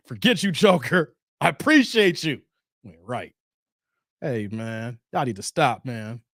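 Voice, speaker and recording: A man with a medium-pitched, expressive, slightly bright voice speaks slowly, with clean studio sound and no echo. Hosting his own livestream, he reads viewer comments aloud and jokingly protests when they tease him.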